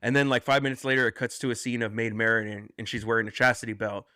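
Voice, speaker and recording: A man's voice: medium pitch, flat delivery, fast talker, bright, forceful tone, no room sound, studio quality. A man hosting a casual movie review chat, rambling and quoting lines from the film. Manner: rambling, with restarts and quoted lines. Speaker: podcast host.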